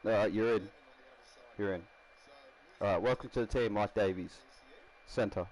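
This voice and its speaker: A man's voice: fairly low pitch, brisk, a little mellow, low-quality recording. A man casually commenting while building a rugby team in a game, rambling and laughing often. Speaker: gaming streamer.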